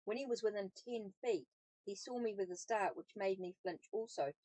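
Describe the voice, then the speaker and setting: A woman hosting her channel, reading a novel aloud in a calm, steady storytelling manner. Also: medium pitch, moderate pace, no room sound, poor audio. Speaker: host and book reader.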